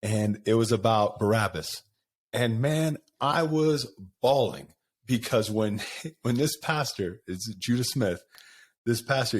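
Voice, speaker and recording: A man's voice: on the low side, darkish tone. Candid middle-aged man, laughing as he rambles. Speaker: podcast host. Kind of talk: casual conversation.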